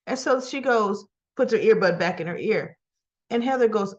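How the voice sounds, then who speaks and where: A woman's voice: mid-range voice, moderate pace, highs cut off. A woman casually recapping a soap opera episode, acting out the characters' lines as she retells each scene.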